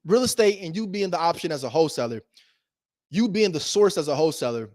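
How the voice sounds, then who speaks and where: A man giving a casual motivational talk as a host, animated and slangy, swinging between loud emphasis and low asides. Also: quick pace, dry recording, studio quality. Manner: slangy and direct, addresses viewers as bro. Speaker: real estate investor and video host.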